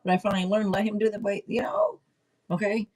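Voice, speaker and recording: Hosting a loose, casual tarot livestream, this woman in her forties talks fast in a mid-range voice whose pitch swoops wildly. She's loud and blunt, teases viewers, curses freely, and now and then clears an irritated throat.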